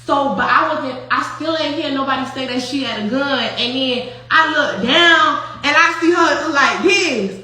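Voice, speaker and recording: A young woman with a high, bright voice telling a story casually, swearing freely and breaking into laughter. The sound is very echoey, as if from a bare room, with faint background noise. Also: a little slow, few pauses. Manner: animated, profane, laughs often. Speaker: host.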